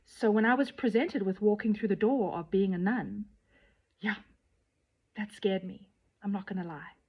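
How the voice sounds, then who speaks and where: A woman speaks to camera in a personal vlog, candid and earnest with a playful edge. Her voice sits at a middling pitch and now and then falls to a soft near-whisper. The recording sounds slightly dull and lo-fi. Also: normal speed, husky. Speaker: tantric nun sharing her journey.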